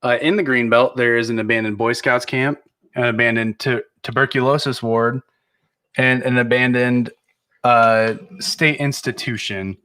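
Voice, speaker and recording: A man's voice: medium pitch, steady tone, moderate pace, sharp tone, clear, resonant tone. A man co-hosting a podcast, telling stories in a casual, profane chat. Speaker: podcast co-host.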